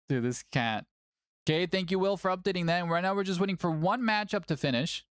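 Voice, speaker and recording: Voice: medium pitch, quick pace, no echo, studio quality. A tournament stream host chatting casually and playfully, often cooing at a cat between updates. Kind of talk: casual livestream chat.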